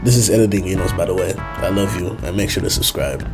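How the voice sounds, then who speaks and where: A man's voice: low voice, fast. A man in a casual, joking aside to his viewers, chatty and laughing. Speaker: YouTuber. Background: background music.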